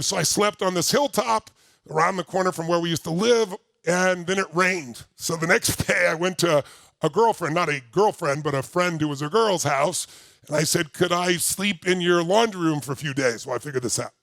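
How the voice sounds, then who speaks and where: An older man giving a workshop talk to a live audience, telling a personal story with lots of energy and shouting out repeated phrases. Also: high-pitched, creaky, dry recording. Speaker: motivational speaker.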